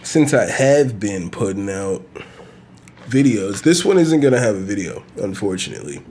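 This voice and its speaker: A man's voice: fairly low pitch, very animated, normal speed, a little mellow. A man hosting his own podcast, talking casually and profanely in a loose, rambling way with bursts of laughter. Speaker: podcast host. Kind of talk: casual solo podcast rant.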